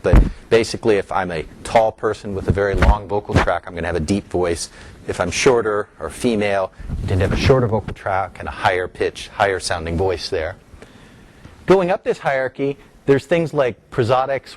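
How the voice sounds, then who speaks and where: Against a noisy background, a middle-aged man with a fairly low voice gives an academic lecture. His explanation proceeds step by step, with rising emphasis on important terms and occasional restarts.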